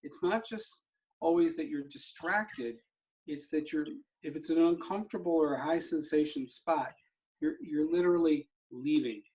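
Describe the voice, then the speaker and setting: A man's voice: on the high side, moderate pace, a little mellow. Man telling a vivid personal story. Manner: vivid storyteller who acts out remembered dialogue. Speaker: somatic therapy practitioner, guest.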